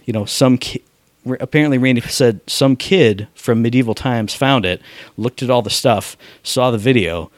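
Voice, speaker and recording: Male podcast co-host, mid pitch, casual and animated, mocking voices, dry close mic. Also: normal speed, dry recording. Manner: animated, mocks with exaggerated voices. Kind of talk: casual chat.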